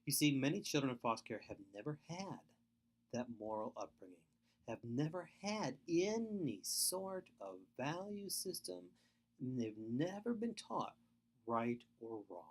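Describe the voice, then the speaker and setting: A middle-aged man speaks in an earnest, emphatic webinar lecture. His pitch rises and falls a great deal as he stresses each point. He often circles back to repeat the key advice. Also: big pitch swings, a little slow. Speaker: foster care speaker.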